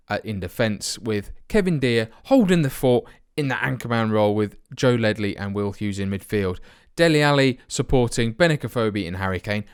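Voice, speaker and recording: A man's voice: medium pitch, clean tone. Sarcastic man narrating a game. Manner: sarcastic, self-mocking, animated. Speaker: let's play host. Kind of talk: commentary over a football management game.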